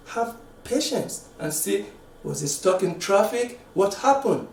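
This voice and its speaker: A man giving a sermon, halting and repeating words, dropping to a quiet voice to stress a point. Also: high voice, very animated. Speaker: preacher. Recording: echoey room, mic at a distance.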